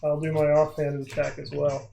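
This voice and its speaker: A man playing a tabletop game, working out his dice math out loud. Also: fairly high pitch, monotone, normal speed, vocal fry, lo-fi sound, heavy background noise. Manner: works through dice math aloud. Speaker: player. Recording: roomy sound with loud music.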